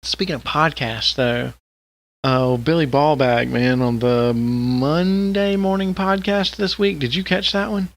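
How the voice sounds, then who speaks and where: Male podcast co-host, gravelly, excitable and profane, casual chat. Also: a little high, measured pace. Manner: excitable, profane, animated retelling.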